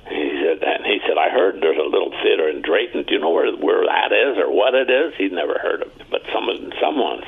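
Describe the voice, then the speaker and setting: Older man guest in his seventies from Ontario, Canada, spinning chatty anecdotes; husky voice over a tinny line. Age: 70s. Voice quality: very deep, gravelly and husky. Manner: chatty anecdotal storyteller, acting out quoted voices. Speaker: interview guest. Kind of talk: storytelling interview.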